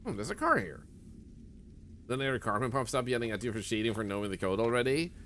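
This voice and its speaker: A native Swedish speaker from the north talks in English with a clear Swedish accent as he streams a game. His voice is bright and bouncy, with pitch that swings up and down as he chats and laughs with his viewers. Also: big pitch swings, fast talker, slight background noise. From northern Sweden. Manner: chatty, answers chat, laughs often. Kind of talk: casual live-stream commentary.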